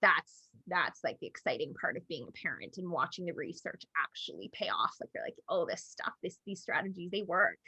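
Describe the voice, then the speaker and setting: A chatty woman host telling stories in a conversational interview, her voice sharp and bright. The recording is dry and close, like a video call. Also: fairly low pitch, lively intonation, a little fast, hardly any pauses, husky, no room sound. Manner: chatty, storytelling.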